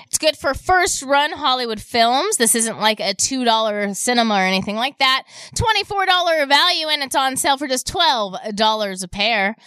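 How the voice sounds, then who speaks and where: Bright, upbeat woman radio shopping host. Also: high voice, big pitch swings, moderate pace, few pauses, clear, resonant tone, no room sound. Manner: upbeat, repetitive sales patter. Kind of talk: radio sales pitch and call-in chat.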